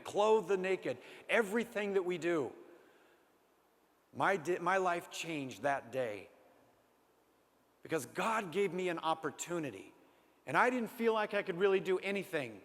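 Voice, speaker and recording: A man with a fairly high voice preaches through a story in a big hall, and long reverb trails each line. He tells it with lively drama, then sinks to near-whispers for the tender parts. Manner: animated storyteller, drops to a hushed voice for tender moments. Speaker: speaker. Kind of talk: storytelling sermon.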